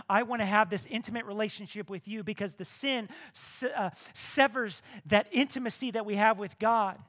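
A male pastor preaching a sermon, lively, swinging between hushed asides and loud emphatic bursts. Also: sits high, brisk, few pauses.

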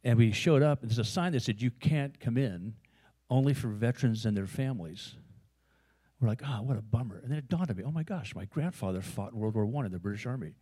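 A man's voice: medium pitch, fairly quick, warm tone. A man with an American accent preaching a sermon in a conversational, storytelling way, with frequent fillers and asides. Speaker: pastor.

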